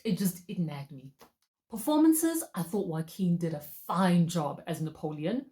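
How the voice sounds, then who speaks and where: A woman's voice: on the low side, expressive, a little slow, dark tone. A woman giving a casual, chatty movie review, talking straight to her viewers and laughing often.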